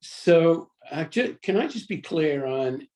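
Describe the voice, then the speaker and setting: A man's voice: on the high side, lively intonation, slow, warm tone. A man who is an at-large workgroup member, asking a follow-up question in a hesitant way on a video call. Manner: hesitant, searching for words.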